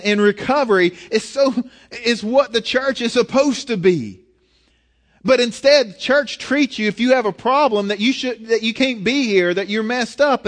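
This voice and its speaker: Male pastor, high voice, earnest conversational sermon delivery with frequent restarts. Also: a bit bright.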